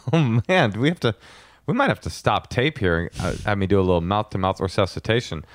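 A man's voice: lowish voice, expressive, a little fast. A man co-hosting a podcast, chatting casually and joking in a playful, exaggerated way. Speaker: podcast co-host. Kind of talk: casual comedic chat.

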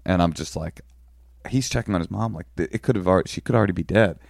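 A man co-hosting a podcast, telling a long story in a rambling, halting way with deadpan jokes. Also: low-pitched, creaky, no room sound, studio quality. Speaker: podcast co-host. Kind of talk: casual storytelling chat.

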